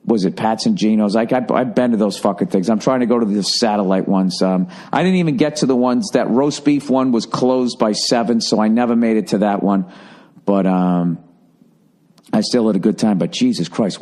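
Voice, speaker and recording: Speaking at normal speed in a lowish voice, this Boston-area man hosts a podcast and rambles through a story full of profanity. The monologue is casual, and he livens up when quoting others.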